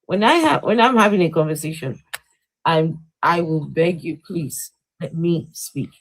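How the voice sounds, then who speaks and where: A woman's voice: low voice, expressive, measured pace, rough recording. Insistent woman with a Nigerian accent. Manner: insistent, repeats her question. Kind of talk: live call-in debate.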